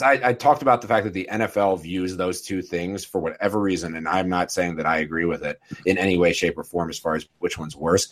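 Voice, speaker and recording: A man hosting a casual sports podcast, steering the discussion and tossing in quick sarcastic asides. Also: deep voice, a bit bright. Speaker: podcast host.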